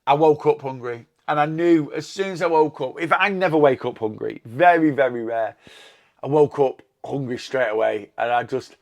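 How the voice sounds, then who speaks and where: Man, gravelly voice, chatty vlogger, rambling, enthusiastic, mid pitch. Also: normal speed, a little mellow. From England. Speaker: weight loss vlogger. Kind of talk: casual chatty vlog.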